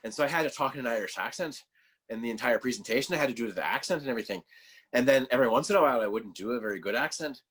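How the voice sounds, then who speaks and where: A man's voice: medium pitch, animated, rapid-fire, a bit bright, slightly rough. A man talking as a guest on a casual podcast, telling stories loosely with lots of fillers and a sarcastic sense of humor. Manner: loose storytelling full of fillers.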